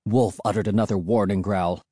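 An audiobook narrator reading a first-person story with suspenseful, expressive delivery. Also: low voice, a little fast, breathy edge, dry recording, clean studio sound.

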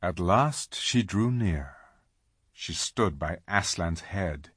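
Slow, expressive male storyteller. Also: low voice, slightly rough, no echo, clean studio sound. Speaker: audiobook reader. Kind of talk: scripted storybook narration.

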